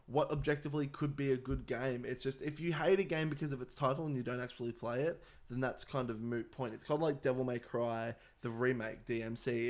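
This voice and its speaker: Animated young man telling stories. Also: medium pitch. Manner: animated storyteller, swears freely. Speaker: podcast co-host. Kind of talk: casual chat.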